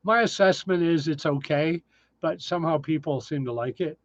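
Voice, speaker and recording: Man, 60s, livestream host, casual and self-deprecating, somewhat high voice, dry lo-fi sound. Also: moderate pace, no room sound. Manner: chatty, self-deprecating, answers viewer questions. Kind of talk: casual live chat reading comments.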